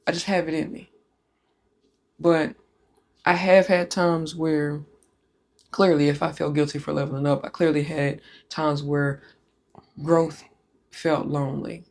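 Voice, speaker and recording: A woman's voice: deep voice, level tone, measured pace, gravelly, pauses often, a little mellow. Blunt, talkative woman podcast host. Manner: candid, profane, talkative. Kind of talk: casual podcast chat.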